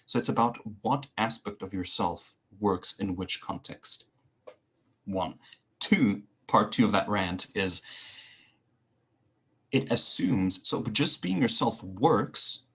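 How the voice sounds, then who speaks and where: A man who coaches public speaking, a guest in an interview, talking in an animated, ranting way with self-mocking humor. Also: fairly low pitch, slightly rough. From Switzerland and Greece. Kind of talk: conversational interview.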